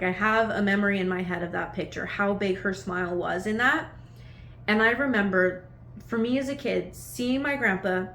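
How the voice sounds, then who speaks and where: A woman's voice: mid-range voice, fairly bright tone, a little hiss or hum. Chatty woman in an echoey room. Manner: chatty, meandering, full of "like" fillers. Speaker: vlogger. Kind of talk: casual reflective storytelling to camera. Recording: echoey room with faint ambience.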